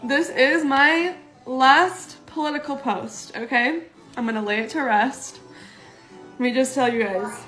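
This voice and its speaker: A woman's voice: sits high, measured pace, a bit bright, roomy sound, soft background music, poor audio. A woman talking earnestly and emotionally in a personal social media video.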